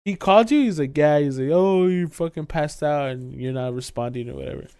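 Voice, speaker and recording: A man's voice: a little high, steady tone, a little fast, mellow, clear, resonant tone, no room sound, clean studio sound. A young man co-hosting a podcast, telling a drunk story in casual chat, swearing often and acting out the quotes with bursts of laughter. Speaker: podcast co-host.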